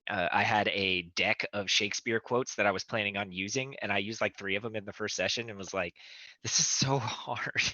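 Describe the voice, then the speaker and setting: A man's voice: deep voice, sharp tone, no echo. A man on a tabletop gaming panel, chatting casually in a rambling, self-deprecating way with lots of fillers, recorded with dull, muffled audio. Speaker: tabletop game player, panelist.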